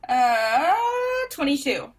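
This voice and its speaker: A woman's voice: high-pitched, slow. A woman playing a tabletop game, speaking in a hesitant, tentative manner. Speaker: player. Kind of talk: casual tabletop game play.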